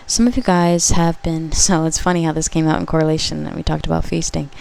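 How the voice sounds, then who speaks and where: Lowish-voiced woman giving a tarot reading. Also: little pitch movement, fast, vocal fry, few pauses, darkish tone, clear, resonant tone. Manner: conversational, frequent checks like "okay?", corrects herself mid-sentence. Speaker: tarot card reader. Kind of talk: pick-a-card collective reading, casual spoken.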